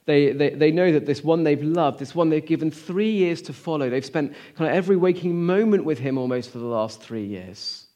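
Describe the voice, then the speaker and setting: A man preaching a sermon, earnest and full of rhetorical questions, moving between emphatic lines and hushed, almost whispered ones. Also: fairly high pitch, moderate pace, few pauses.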